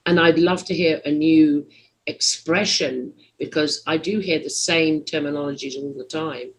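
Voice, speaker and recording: A podcast host in a rambling, teasing conversational interview, often searching for words, with big swings in pitch and loudness. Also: unhurried, husky, poor audio.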